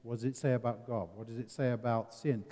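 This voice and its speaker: This seminar presenter is a man from England with an English accent; his mid-range voice is dark and steady, and he talks at a quick pace. Earnest in leading the discussion, he leans on rhetorical questions and wry humour. The hall he's recorded in is reverberant.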